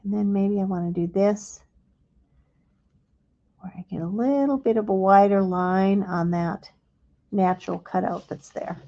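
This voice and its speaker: A woman hosting a live crafting demonstration and explaining each step gently and without hurry. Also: medium pitch, measured pace, long pauses, lo-fi sound. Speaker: craft instructor.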